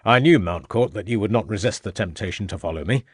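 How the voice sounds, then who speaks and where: A composed Victorian police inspector who answers threats in a steady, firm manner, as a male narrator puts him on. The voice is lowish and recorded close and dry. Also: quick pace, slightly rough, dry recording.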